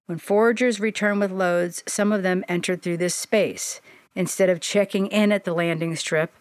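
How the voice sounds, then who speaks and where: A woman reading a storybook aloud as its narrator, with a gentle, descriptive manner. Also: fairly low pitch, no room sound, clean studio sound.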